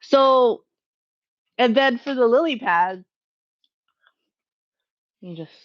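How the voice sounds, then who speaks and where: A woman speaks slowly in an expressive, high-leaning voice, with the highs cut off. As host of a casual live Q&A from home, she rambles, catches and fixes her own words, and laughs often while talking to her chat.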